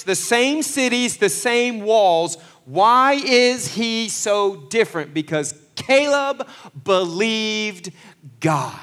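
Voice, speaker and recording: A man preaching a sermon, swinging between loud, fervent passages and hushed asides, acting out the voices he quotes. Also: high voice. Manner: acts out quoted voices with folksy phrasing. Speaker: pastor.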